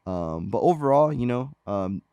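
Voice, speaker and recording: A man co-hosting a casual gaming podcast, telling stories in a relaxed way and acting out crowd reactions. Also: medium pitch, moderate pace, smooth, no echo. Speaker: podcast co-host.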